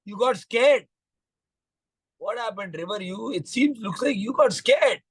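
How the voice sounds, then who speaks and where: Indian guy doing a curious tree asking questions over and over, high, slow, dry. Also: expressive, a bit bright, breathy edge, dry recording, exaggerated voice. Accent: Indian English. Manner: inquisitive, repeated questions.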